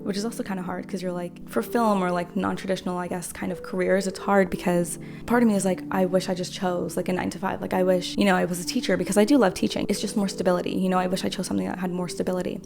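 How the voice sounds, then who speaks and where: Fast-talking young woman with a gravelly edge. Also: fairly low pitch, fairly even intonation, music in the background. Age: 20s. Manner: rambling, earnest, full of fillers. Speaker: vlogger. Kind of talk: casual talk to camera.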